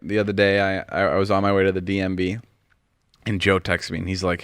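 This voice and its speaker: A man in his thirties hosts a casual podcast with a lowish voice. He tells stories animatedly and swears freely. The sound is dry and close. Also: quick pace, clear, resonant tone, no room sound. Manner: animated storytelling, swears a lot. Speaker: podcast host. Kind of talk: casual chat.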